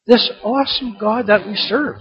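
A middle-aged man preaching a sermon, animated and rising to emphatic points. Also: high-pitched, moderate pace. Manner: animated, rising to emphatic shouts on key lines. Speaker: pastor. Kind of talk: sermon with told jokes. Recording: dull lo-fi sermon recording.

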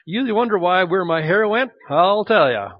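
Male pastor, middle-aged, high voice, lively sermon delivery, dull lo-fi recording. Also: moderate pace, in a large hall. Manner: animated, acts out quoted voices. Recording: dull lo-fi sound.

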